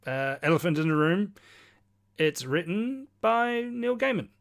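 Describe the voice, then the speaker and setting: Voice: mid-range voice, lively intonation, a little slow, vocal fry. A podcast co-host in casual pop-culture chat, dropping dry joking asides.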